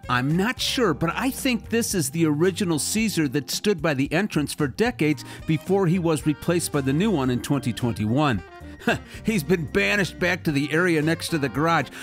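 A man giving relaxed, joking commentary in a casual vlog. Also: on the high side.

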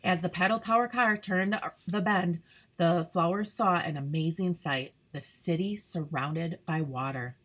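Slow, husky woman reading a storybook. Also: on the low side, a bit bright. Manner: careful, storytelling. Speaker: troop leader reading aloud. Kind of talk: reading a children's storybook aloud.

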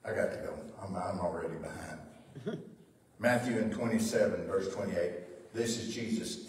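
A man's voice: deep voice, moderate pace, a little hiss or hum. Preaching man in a very echoey church. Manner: animated preaching, reading scripture aloud. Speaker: pastor. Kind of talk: sermon. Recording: echoey church hall, mic far off.

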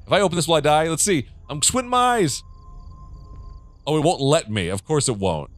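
Young male streamer, lively swooping voice, jumpy, profane, self-mocking horror commentary. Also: fairly high pitch, brisk, soft background music. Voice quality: jittery, jokey, swears a lot. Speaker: gaming streamer. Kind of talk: horror game let's play commentary.

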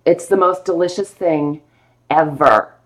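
A woman's voice: low-pitched, measured pace, fairly bright tone. A woman hosting a live stream sale of vintage books, chatting playfully and gushing over each one. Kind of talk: casual live sale chat.

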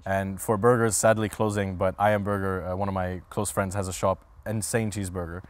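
A man's voice: sits low, level tone, brisk, a little hiss or hum. A man being interviewed as a comedian guest, answering in a laid-back, hesitant way with frequent ums.

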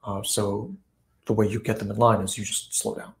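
Man, host, relaxed reflective talk on a folk tale, video call sound. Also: fairly low pitch, normal speed. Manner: relaxed, frequent fillers, acts out quoted voices with laughs. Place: online live session.

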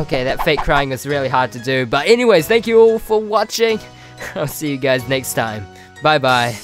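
A man's voice: a little high, expressive, moderate pace, faint music behind. A man hosting a let's play, commenting on a game in an exasperated way and pleading with the objects on screen. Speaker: gaming video host.

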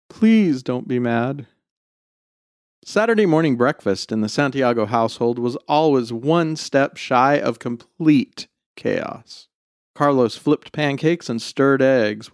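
A man narrating a short story in a measured, expressive storytelling delivery. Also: mid-range voice, no echo, studio quality. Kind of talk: scripted narration.

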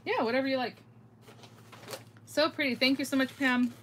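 Speaking quickly in a high, steady voice, a middle-aged woman unboxes craft mail live on her phone. She's chatty and effusive, thinking aloud and laughing a lot as she replies to comments, and a little hiss or hum is audible.

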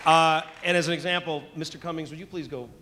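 A man's voice: on the high side, fairly even intonation, quick pace, a loud crowd, very noisy. A man moderating a live convention panel, telling anecdotes in a chatty way and laughing as he goes. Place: convention panel room with an audience.

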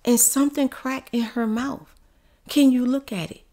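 A woman's voice: on the high side, steady tone, normal speed, warm tone, pitched above the performer's own voice, natural voice. A woman quoting her friend, a pushy woman confronting a dentist with pointed questions. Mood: insistent.

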